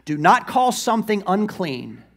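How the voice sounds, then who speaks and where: A male pastor delivers an animated sermon in a high, bright voice. He slips into quick acted-out asides for the figures he talks about. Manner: lively preaching, acts out Bible figures in quick asides.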